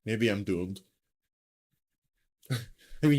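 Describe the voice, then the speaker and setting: A man's voice: mid-range voice, animated, fairly quick, a little mellow. A man hosting a live stream, chatting casually in a rambling, self-mocking way with lots of fillers. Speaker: streamer host.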